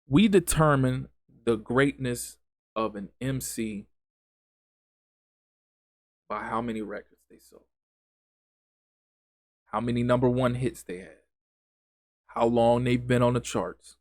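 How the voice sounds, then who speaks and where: A man's voice: medium pitch, takes it slowly, pauses often, dry recording. A man hosting a solo podcast, speaking in an impassioned, emphatic way with lots of repetition and casual grammar. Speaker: podcast host.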